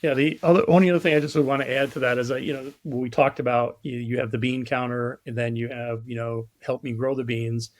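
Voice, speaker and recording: Talking fast with few pauses, he keeps a medium pitch and a level tone. The New York product marketing lead is a guest on a casual podcast, storytelling and cracking cynical, self-mocking jokes while acting out each character's voice.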